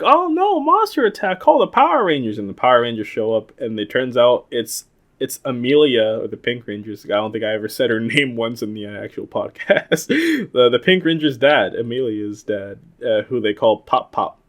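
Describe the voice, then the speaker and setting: A man's voice: mid-range voice, expressive, normal speed. A young man co-hosting a podcast, casually recapping an episode in a rambling, laughing way, swearing and acting out quoted lines. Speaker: podcast co-host.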